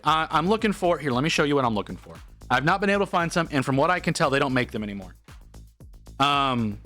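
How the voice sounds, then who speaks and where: A man's voice: mid-range voice, pushed and bright. A man telling a long, rambling story to his stream chat, slipping into quoted voices as he goes.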